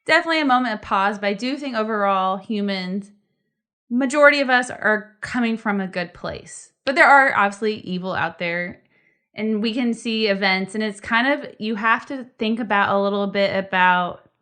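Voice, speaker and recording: A woman's voice: mid-range voice, moderate pace, bright, forceful tone, clear, resonant tone. A woman in her thirties co-hosting a podcast, chatting casually in an earnest, reflective way. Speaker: podcast co-host. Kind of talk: casual chat.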